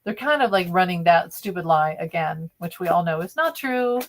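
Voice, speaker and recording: A woman with a lowish voice reads tarot cards on a live stream. She talks in a loose, opinionated, chatty way and often restarts mid-sentence. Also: lively intonation, moderate pace, a little hiss or hum. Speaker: tarot reader.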